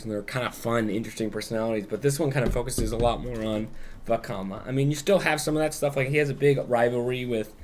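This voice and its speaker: A man's voice: mid-range voice, slight background noise. A man co-hosting a podcast, loosely retelling a story in casual chat, swearing freely and acting out quotes. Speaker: podcast co-host.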